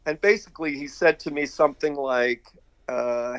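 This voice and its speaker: A man's voice: on the high side, moderate pace, a bit bright, dry recording. An older man from Brooklyn, a guest on an interview show, telling long anecdotes in a rambling, chuckling way. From Brooklyn, New York. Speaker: guest, artist and director. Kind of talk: casual interview storytelling.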